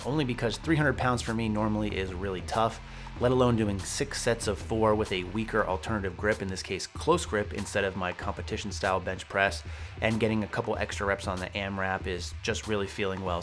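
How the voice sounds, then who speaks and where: Low-voiced laid-back young man vlogging. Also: a bit bright. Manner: laid-back, joking, swears casually. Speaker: powerlifting vlogger. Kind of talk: casual training vlog.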